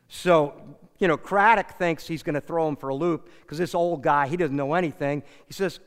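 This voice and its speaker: Pastor, high-pitched, smooth voice, animated storytelling sermon, reverberant sanctuary. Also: male voice, normal speed. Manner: animated, rises and drops in volume, acts out characters in the story. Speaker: preacher. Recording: long reverb of a large hall.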